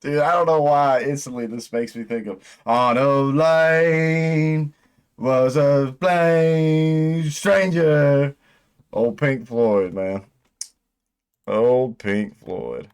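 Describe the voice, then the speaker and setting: A man hosting a music reaction video, chatting casually in a rambling, excitable way and swearing often. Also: mid-range voice, takes it slowly, clean tone.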